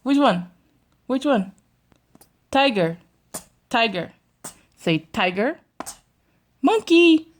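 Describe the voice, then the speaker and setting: Young mom talking in slow, lively baby talk to her toddler at home. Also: fairly high pitch. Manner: sing-song, coaxing, often laughing. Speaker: vlogger mother. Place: bedroom at home.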